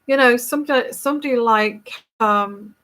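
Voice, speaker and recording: A woman's voice: on the high side, moderate pace, fairly bright tone. A woman with a neutral English accent, a tarot reader talking casually to viewers in a rambling, emphatic and scornful way.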